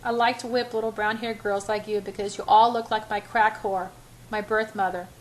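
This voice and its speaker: A woman's voice: mid-range voice, flat delivery, moderate pace, lightly acted, poor audio. A woman reading the lines of a tormented young man who confesses in a strained, pleading voice.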